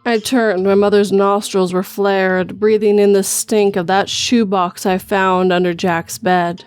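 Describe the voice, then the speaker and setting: A woman narrating a first-person horror story, with measured scripted storytelling. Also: medium pitch, little pitch movement, darkish tone, clean tone, faint music behind.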